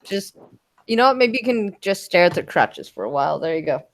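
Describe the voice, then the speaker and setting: A woman's voice: lowish voice, sing-song, brisk. A woman hosting a casual podcast live stream, with a dry, sarcastic-sounding delivery and frequent swearing. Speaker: podcast host.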